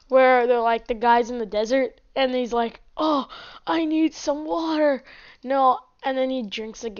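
Chatty giggly girl playing a game at home, voice a bit high, muffled cheap mic. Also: clear, resonant tone. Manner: chatty, giggly, talks to her pets. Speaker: gaming channel host. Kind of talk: casual gameplay commentary. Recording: dull lo-fi mic.

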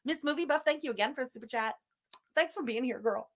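A woman's voice: high-pitched, quick pace. A woman hosting a commentary stream, reacting to a livestream clip in a mocking, sarcastic way. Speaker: commentary host.

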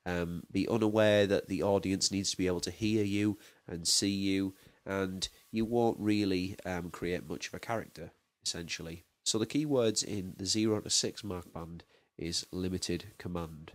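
A man explaining a marking scheme as a drama teacher, measured and listing terms one by one. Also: deep voice, no echo. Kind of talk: explanatory lesson.

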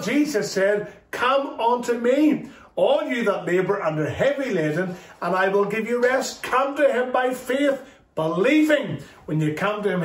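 A man teaching a children's Sunday school lesson, telling a Bible story and acting out the dialogue as he goes. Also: far from the mic. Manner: storytelling, quoting dialogue with lively shifts in pitch. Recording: roomy, from off-mic.

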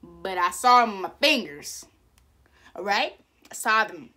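A woman's voice: mid-range voice, big pitch swings, a little slow, sharp tone. A young woman hosting a music video reaction, gushing with effusive exclamations.

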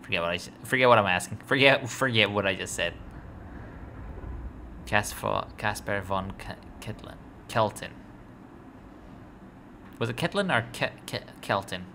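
Low-voiced man rambling over gameplay. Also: measured pace, gravelly, pauses often. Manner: rambling, stumbles over words, talks to the game. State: sleepy, yawning. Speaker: let's play gamer. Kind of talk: casual gameplay commentary. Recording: steady background noise.

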